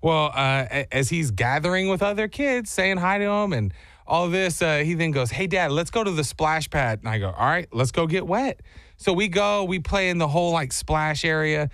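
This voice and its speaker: Speaking at a moderate pace in a voice on the high side, a thirties-aged show co-host animatedly tells a story in casual conversation, acting out its voices. The sound is dry and clean, like a studio.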